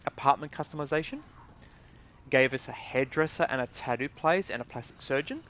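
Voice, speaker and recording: A man's voice: medium pitch, a little fast, a bit bright. A man with an Australian accent giving a casual, indignant gaming rant in blunt words with swearing. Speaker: gaming video creator. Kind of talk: casual ranting commentary.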